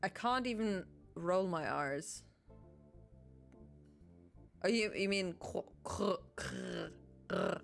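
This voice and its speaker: German-accented woman, game streamer, slow, chatty self-corrections. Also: medium pitch, lively intonation, gravelly, soft background music. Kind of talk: casual game commentary.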